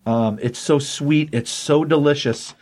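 A man's voice: fairly high pitch, measured pace, a little mellow. A man voicing a menacing, fear-hungry cosmic entity that gloats and relishes the terror it causes, in a casual comic-book recap. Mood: gloating.

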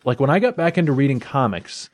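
A man's voice: mid-range voice, big pitch swings, fast talker. A man co-hosting a casual comic book chat, with wry, teasing banter. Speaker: comic book podcast co-host.

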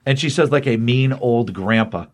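A man at an ordinary pitch walks through a comic book issue in casual podcast talk. He quotes each character in his own unchanged voice and fills the gaps with ums and uhs. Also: moderate pace. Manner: retells scenes quoting characters in a flat voice, many ums.

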